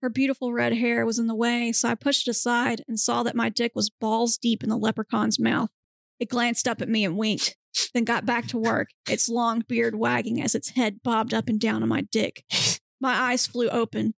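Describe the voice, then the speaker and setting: A woman hosting a podcast, reading a comic erotic story aloud in a steady, deadpan manner. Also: a little high, normal speed, vocal fry, no echo, clean studio sound. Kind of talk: dramatic reading of erotic fiction.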